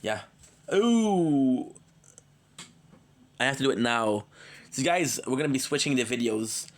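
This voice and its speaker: A worn-out man hosts a live gaming stream and chats loosely with viewers he knows by name. He rambles and jokes, slipping in stray foreign phrases, and sounds like a cold is coming on. His voice sits at an ordinary middle pitch. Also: fairly quick, a bit bright. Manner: rambling and playful, drops in foreign words. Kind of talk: casual livestream chat.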